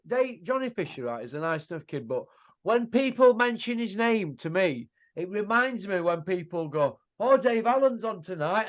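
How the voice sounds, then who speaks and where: On muffled lo-fi audio, a middle-aged boxing pundit with a high, fairly bright voice hosts a laid-back chat. His delivery is blunt and mocking, packed with rhetorical tag questions.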